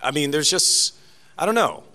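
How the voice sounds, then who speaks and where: A man answering interview questions as a guest voice actor on a convention panel, chatty and animated, with laughs and restarts. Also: fairly high pitch, moderate pace.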